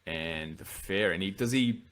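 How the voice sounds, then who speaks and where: A man's voice: low voice, moderate pace, fairly bright tone. A man hosting a podcast, reviewing a film in loose, rambling casual chat with lots of restarts. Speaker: podcast host.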